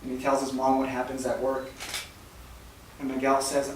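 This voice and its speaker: A man's voice: mid-range voice, monotone. Echoey preacher man telling a story. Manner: soft-spoken, halting with fillers and repeats. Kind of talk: sermon storytelling. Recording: very echoey hall, mic far off, faint noise.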